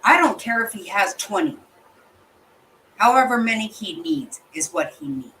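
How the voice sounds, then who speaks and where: A woman's voice: medium pitch, expressive, moderate pace, bright, forceful tone, slight background noise, poor audio. A woman reacting in casual chat, blunt and outraged, swearing freely. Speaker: channel host reacting to a livestream guest.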